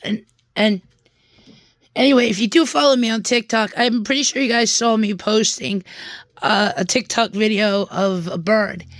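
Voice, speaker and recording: A woman's voice: mid-range voice, moderate pace, dry recording. A young woman telling a rambling personal story in a vlog, frustrated and venting, often restarting and repeating her words. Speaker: vlogger.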